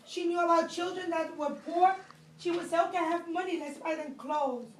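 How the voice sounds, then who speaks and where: A woman's voice: extremely high pitch, fairly even intonation, fairly quick, reverberant, recorded from a distance, slight background noise, rough recording. A woman teacher crying as she talks to her class, pleading and scolding the children in turn. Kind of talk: emotional classroom farewell speech.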